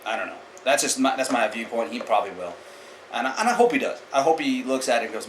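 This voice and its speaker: A man's voice: mid-range voice, lively intonation, fast, slight background noise, low-quality recording. A man hosting a martial arts chat channel, giving blunt, opinionated casual commentary straight to the viewer.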